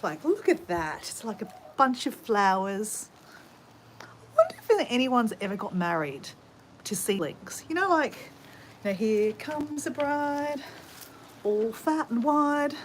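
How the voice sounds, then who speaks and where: A woman's voice: medium pitch, very animated, moderate pace, slight background noise. Chatty Australian woman vlogging from the garden. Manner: chatty, rambling storyteller, greets viewers mid-sentence. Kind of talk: casual chat to live viewers while gardening. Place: home garden.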